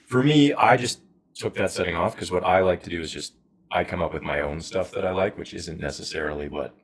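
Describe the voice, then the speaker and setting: A man in his thirties from Saskatchewan, a podcast guest chatting casually and telling animated, self-deprecating stories about his career. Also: low-pitched, brisk. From Saskatchewan, Canada. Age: 30s. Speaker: podcast guest, wealth advisor. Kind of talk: casual conversation.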